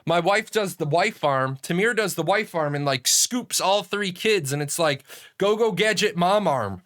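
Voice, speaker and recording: A middle-aged man telling a story on a livestream in a casual, profane and animated way, with frequent restarts. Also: high voice, normal speed. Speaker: streamer.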